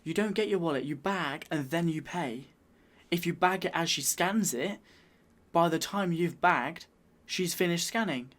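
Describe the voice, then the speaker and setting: A man's voice: on the high side, unhurried, fairly bright tone. A British man hosting a reaction video, chatting in a bemused, rambling way. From United Kingdom. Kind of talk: casual reaction commentary.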